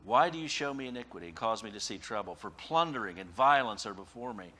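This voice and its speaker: Bright-voiced male preacher, conversational and animated. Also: on the low side, quick pace. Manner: animated preaching, voicing the prophet's cries with sudden rises; conversational asides ending in "okay?". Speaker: pastor. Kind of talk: sermon.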